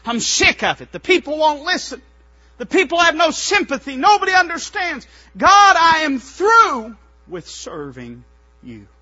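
A man preaching, who steps into an anguished prophet, bright and husky, crying out to God. The voice rises high and pleads, then bursts into a shout. It comes through a dull, lo-fi recording. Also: animated, normal speed, heavily acted. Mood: despairing. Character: weary grown male prophet crying out to God.

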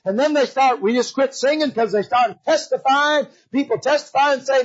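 A man preaching a revival sermon in church, swinging from loud emphasis to hushed pleading. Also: very high-pitched, moderate pace, hardly any pauses, dull audio. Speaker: visiting preacher. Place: church sanctuary.

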